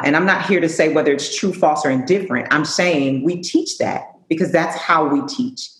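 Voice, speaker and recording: A woman's voice: low voice, reverberant, rough recording. A woman police chief answering on a panel, earnest and emphatic, often repeating words as she thinks.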